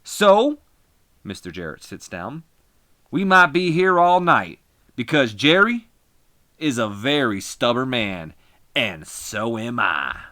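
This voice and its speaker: A man voicing a brash, cocky male wrestler cutting a loud, taunting ring promo. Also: mid-range voice, very animated, slow, no echo, studio quality, full character voice. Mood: defiant.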